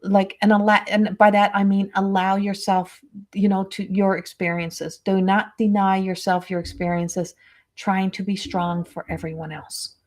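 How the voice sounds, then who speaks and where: A woman's voice: medium pitch, flat delivery, normal speed, a little mellow. Rambling, tender woman giving a psychic reading. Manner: rambling, hesitant, full of fillers and restarts; tender and emotionally moved. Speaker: medium and spiritual coach.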